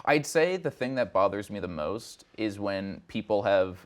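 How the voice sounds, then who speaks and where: A man's voice: lowish voice, expressive, measured pace. A man hosting a studio interview, asking questions in a casual, hesitant way with many "uh" and "like" restarts. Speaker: interviewer host.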